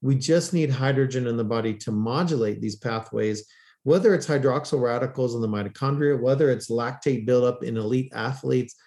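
A man's voice: mid-range voice, brisk, mellow. A man speaking as a podcast guest, explaining with enthusiasm and acting out quoted people in raised voices. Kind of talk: animated storytelling in interview.

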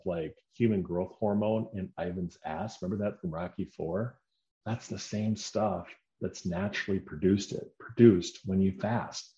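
Chatty low-voiced man in an echoey room. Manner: animated, chatty, mild swearing, self-mocking. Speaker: fitness vlogger. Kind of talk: casual vlog talk. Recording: echoey room, dull sound.

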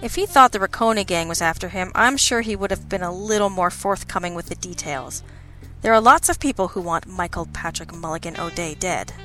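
A woman's voice: lowish voice, a little fast, a bit bright, soft background music, natural voice. A woman voicing a wry, cynical male detective partner in a dry, sardonic tone, in a storybook reading.

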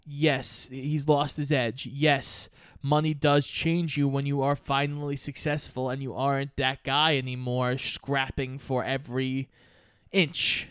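A man co-hosting a casual podcast chat, retelling movie scenes in an animated way, acting out the quotes and swearing freely. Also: medium pitch, a little slow, clear, resonant tone, dry recording, clean studio sound. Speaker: podcast co-host.

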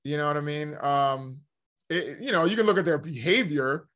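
A man's voice: on the high side, moderate pace, fairly bright tone. A man in casual conversation, talking in a rambling way with many restarts and "you know" fillers. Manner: rambling, self-correcting, frequent "you know".

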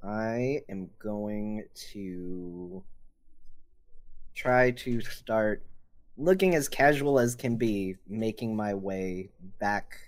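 A man playing a tabletop role-playing game, stating his character's actions in a deliberate, thinking-aloud way. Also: on the low side. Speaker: player. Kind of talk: casual tabletop game play.

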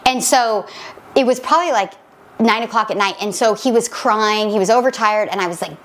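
Woman in her thirties, podcast co-host, lively anecdote teller, higher voice. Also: fast. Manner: animated storytelling, laughs easily. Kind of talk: casual chat.

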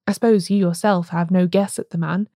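Woman voicing a friendly easygoing inspector, mellow tone. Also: on the low side, fairly even intonation, brisk, dry recording, clean studio sound, close to an everyday voice. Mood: genial. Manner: genial, easygoing. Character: affable male police inspector.

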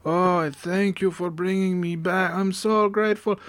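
A man's voice: steady tone, moderate pace. A man putting on a revived Italian dictator with a mock Italian accent, fawning and grateful. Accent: put-on Italian. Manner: high, loud, strained mock accent.

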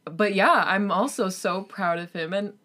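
A woman's voice: mid-range voice, unhurried, sharp tone. A young woman co-hosting a podcast in casual chat, playful and emphatic with dramatic flourishes. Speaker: podcast co-host.

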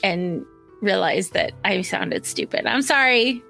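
Slow-talking, gravelly woman co-host. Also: medium pitch, lively intonation, soft background music. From small town. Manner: unhurried, soft-spoken, laughs often. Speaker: podcast co-host. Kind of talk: casual chat.

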